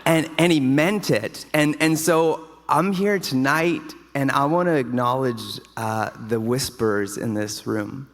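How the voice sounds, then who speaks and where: Male award recipient, mid-pitched, chatty and storytelling, in a reverberant ballroom. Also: unhurried, hardly any pauses. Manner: casual, storytelling, enthusiastic. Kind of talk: award acceptance speech. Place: large hotel ballroom. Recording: long hall reverb.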